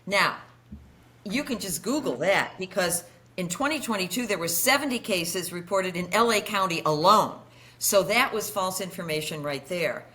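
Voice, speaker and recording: Low-pitched bright woman podcast host. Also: expressive, normal speed. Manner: affirming interjections, follows up on points. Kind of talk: podcast interview.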